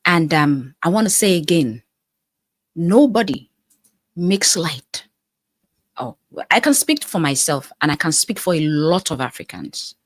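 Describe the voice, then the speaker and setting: This Nigerian woman, a life coach hosting a live stream, responds to viewer comments with earnest speech and repeated phrases for emphasis. She has a low, expressive voice, talks a little slowly, and there's no echo.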